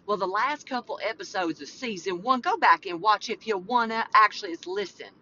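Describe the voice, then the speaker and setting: A woman's voice: medium pitch, a little fast, bright, forceful tone, slight background noise. A woman hosting a faith podcast, chatting casually, playfully talking to herself and breaking into exclamatory preaching. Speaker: podcast host. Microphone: podcast mic. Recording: dull lo-fi audio with faint music.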